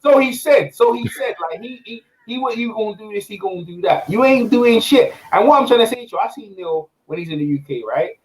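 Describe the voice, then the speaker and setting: High-voiced man ranting about boxing. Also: fairly quick, hardly any pauses, low-quality recording. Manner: animated, repetitive ranting. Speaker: host. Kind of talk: casual boxing debate.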